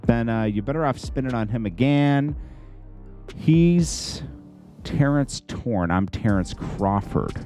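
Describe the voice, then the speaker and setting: A man casually breaking down a rap diss track, rambling with lots of fillers and pitched-up mock quotes. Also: lively intonation, takes it slowly, a little mellow, faint music behind. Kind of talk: casual reaction commentary.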